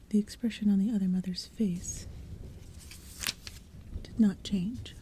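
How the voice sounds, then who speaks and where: A woman in whispered role-play reads a storybook in a slow, hushed, breathy whisper. Her tone is very dark and mellow. Faint rain and soft thunder murmur behind her. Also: mid-range voice, fairly even intonation, slight background noise. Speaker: ASMR audiobook reader.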